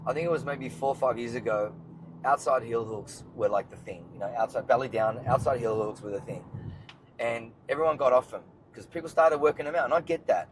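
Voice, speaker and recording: A man with an Australian accent hosting a podcast, talking fast and emphatically in casual chat from inside a car. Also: mid-range voice, slight background noise, poor audio. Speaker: podcast host. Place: inside a car while driving.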